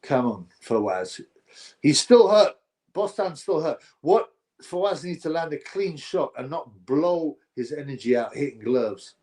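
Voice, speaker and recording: Excitable man reacting to a fight live. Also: on the high side, measured pace. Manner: chatty, excitable, slangy, talks to chat viewers. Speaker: live stream host.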